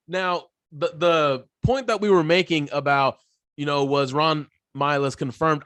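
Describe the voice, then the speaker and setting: Lively, animated male podcast host. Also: on the high side, dry recording, clean studio sound. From Texas. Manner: animated, playful, jumps between topics. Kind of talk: casual sports podcast chat.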